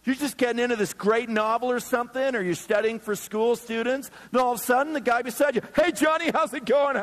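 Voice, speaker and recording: A pastor preaches a sermon to a few hundred people in a large church hall, his voice extremely high-pitched and fast, with few pauses. He's animated and joking, acting out the people he quotes in his stories.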